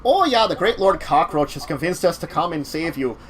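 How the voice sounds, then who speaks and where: A man's voice: a little high, expressive, brisk, a little hiss or hum, close to an everyday voice. A man voicing a timid male were-cockroach monster with a Minnesotan accent in a tabletop game. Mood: folksy. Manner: folksy, nervous.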